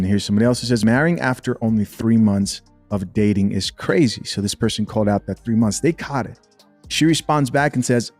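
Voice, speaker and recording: A man's voice: medium pitch, darkish tone. A man giving blunt, opinionated commentary as he reacts to a video and talks back to it.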